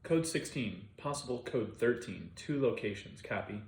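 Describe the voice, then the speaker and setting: A man's voice: medium pitch, animated, moderate pace, slight background noise, natural voice. A man voicing a young, eager, by-the-book male police officer who speaks in clipped radio jargon. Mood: formal. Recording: roomy echo.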